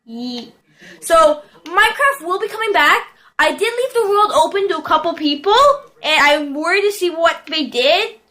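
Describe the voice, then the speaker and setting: Excitable young woman commenting on gameplay. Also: sits high. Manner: excitable, shouts and squeals at plays, chats to her pet bird. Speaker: gaming video host.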